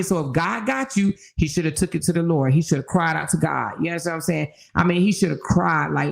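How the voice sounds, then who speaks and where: Older woman, gravelly, preachy, casual livestream chat, emphatic. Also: fairly low pitch, fast, few pauses. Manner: preachy, emphatic, rising into exhortation; conversational, full of "you know". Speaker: channel host.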